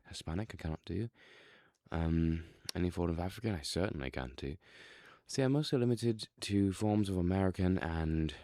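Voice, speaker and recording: A man's voice: sits low, warm tone, dry recording, studio quality. A man casually demonstrating accents, rambling with many fillers. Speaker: video host.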